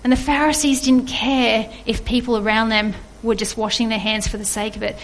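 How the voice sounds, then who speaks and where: A woman's voice: a little high, level tone, normal speed, slight background noise, rough recording. An earnest woman giving a reflective devotional sermon, asking her listeners questions. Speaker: preacher.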